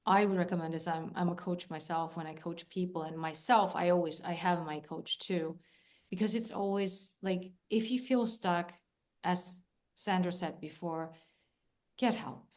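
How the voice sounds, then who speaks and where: A woman hosting a podcast who also coaches, talking in an encouraging, affirming way. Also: on the low side. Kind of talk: casual interview chat.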